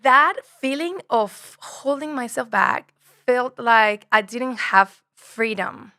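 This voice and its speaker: A woman speaks in a bright, lively tone, sitting a little higher than most women. She talks earnestly and reflectively as a podcast guest, circling back over her own phrases. The sound is close and dry. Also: takes it slowly, no echo. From Mexico. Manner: reflective, earnest, repeats phrases, swears casually. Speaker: podcast guest, spiritual guide. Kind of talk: casual conversation.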